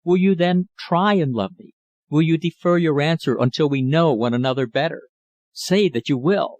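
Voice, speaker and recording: A man's voice: fairly high pitch, normal speed, a little mellow, no echo, natural voice. A man reading an audiobook, voicing a young journalist in love who pleads his case with passion. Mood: earnest. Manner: impassioned, pleading. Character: young male journalist, ardent lover.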